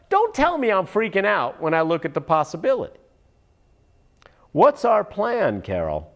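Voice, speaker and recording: A man ranting sarcastically in political commentary, often turning aside to address an unseen listener. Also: on the high side.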